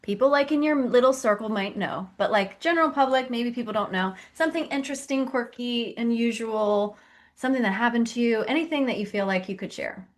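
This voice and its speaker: A woman hosting a podcast interview, her voice sitting a little high, gushing with praise and quick to laugh. She talks in an effusive, chatty way. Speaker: podcast host. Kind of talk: casual interview chat.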